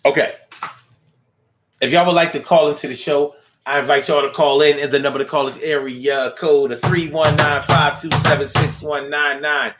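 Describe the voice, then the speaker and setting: A male talk show host with a slightly high voice, speaking in relaxed full of slang. He chats loosely to his listeners and riffs playfully, even half-singing the call-in number. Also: moderate pace, background noise. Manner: loose, street slang, sings the phone number.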